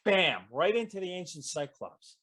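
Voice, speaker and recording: Lively storyteller guest, male, animated and expressive delivery. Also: high voice, moderate pace. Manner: lively storyteller, acts out quoted voices, trails off mid-sentence. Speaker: guest author in audience Q&A. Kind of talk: animated storytelling in casual chat.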